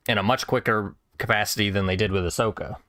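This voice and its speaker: A man's voice: fairly low pitch, fairly quick, dry recording, studio quality. A young man hosting a watch party, chatting casually and laughing often on a video call. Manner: laughs often, animated and rambling. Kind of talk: casual chat while watching a show. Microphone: webcam on a video call.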